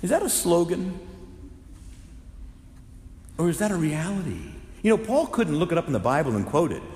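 A man's voice: fairly high pitch, big pitch swings, normal speed. A man, a Catholic priest, preaching a sermon with fervent, impassioned delivery. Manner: impassioned preaching, rising to loud fervent exclamations. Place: large echoing church. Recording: roomy hall reverb.

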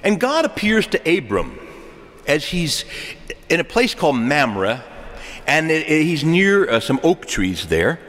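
A man preaching a sermon, animated and joking, asking rhetorical questions to his listeners. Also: a little high, unhurried. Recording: long echo of a large hall.

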